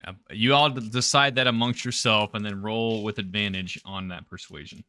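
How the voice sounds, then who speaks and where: Man, game master, casual narration, smooth clear voice, dry sound. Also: lowish voice, steady tone, moderate pace, pushed and bright, dry recording. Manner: casual, loose narration with swearing.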